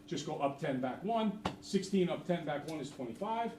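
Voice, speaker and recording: A man's voice: fairly high pitch, lively intonation, normal speed, noisy background. A middle-aged man teaching a math class, chatty and jokey, quizzing the students. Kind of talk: classroom lesson. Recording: roomy, from far off.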